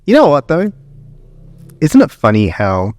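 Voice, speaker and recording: A man's voice: a little high, huge pitch swings, a little slow, a little mellow. A young Australian man co-hosting a podcast in casual chat, blunt and sweary, laughing often. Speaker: podcast co-host.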